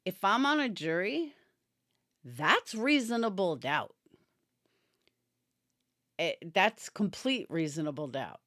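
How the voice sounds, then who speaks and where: A woman's voice: lowish voice, sing-song, slow pace, long pauses, fairly bright tone, dry recording, clean studio sound. A woman giving opinionated casual commentary on a true crime case, answering viewers by name and yawning as she talks. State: yawning, tired. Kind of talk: casual live-stream commentary.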